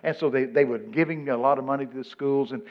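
A man from Texas with a Texan accent, telling a humorous story to a live audience. He swings from mumbled asides to loud exclamations. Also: medium pitch, steady tone, fast, highs cut off. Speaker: speaker addressing an audience.

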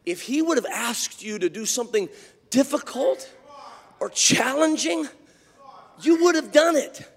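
A man preaching voices a servant gently persuading his master. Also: extremely high pitch, expressive, measured pace, big-room sound, full character voice. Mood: coaxing. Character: reasoning male servant coaxing his master.

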